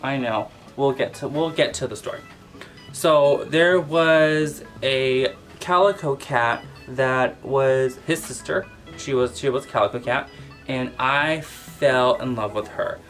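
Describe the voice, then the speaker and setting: A man vlogger telling a casual storytime about his pet, animated and full of exclamations. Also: medium pitch, slow pace, soft background music. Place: at home with his cat.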